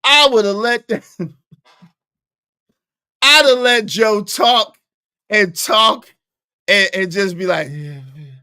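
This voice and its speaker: A man doing casual livestream reaction commentary, animated and profane, laughing often and repeating himself for emphasis. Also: high-pitched, slow, pauses often, clear, resonant tone, no room sound, clean studio sound.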